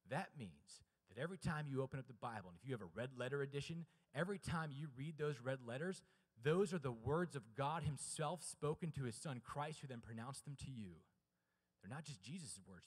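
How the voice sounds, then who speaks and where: Man preaching in a reverberant chapel. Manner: swings from hushed, low delivery to loud, high-pitched emphatic preaching; asks the audience questions and urges them to answer. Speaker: chapel speaker. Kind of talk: sermon. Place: college chapel.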